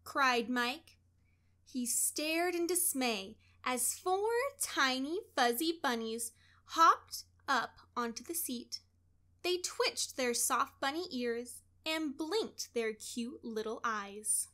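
In a high voice, a woman reads a children's story out loud. She takes a slow, deliberate storytelling approach full of expression.

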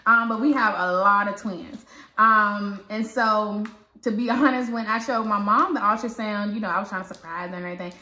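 A woman vlogger with a Southern American accent, chatting and retelling a story with lively quoted dialogue. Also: mid-range voice, fairly quick. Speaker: parenting vlogger. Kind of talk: casual storytelling. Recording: echoey room.

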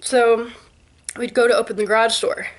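Twenties woman vlogger, slightly high voice, lively storyteller who acts out noises and voices. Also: normal speed. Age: 20s. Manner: animated, with sound effects and quoted voices. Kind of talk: telling a ghost story to camera.

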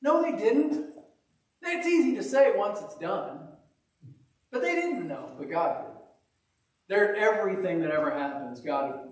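A pastor with a high, very animated voice speaks unhurriedly and pauses often, recorded from a distance in an echoey church hall. His sermon is casual and conversational, full of stories told in a folksy, self-deprecating way.

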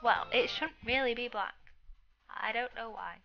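Giggly high-voiced woman streamer. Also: a little slow, vocal fry, highs cut off, soft background music. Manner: chatty, giggly, greets viewers by name. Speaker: game streamer. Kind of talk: live stream chat while gaming.

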